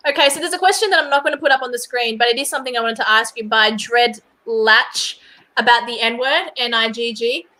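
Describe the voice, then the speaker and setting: A woman hosting a casual live-stream interview, blunt and animated, laughing along and often restarting her sentences. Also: a little high, a little fast, roomy sound. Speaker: host.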